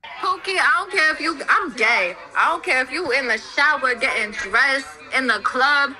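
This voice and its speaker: A man putting on the voice of a sassy young woman on a video, high and teasing. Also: moderate pace, pushed and bright, exaggerated voice, low-quality recording. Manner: high, sing-song, teasing.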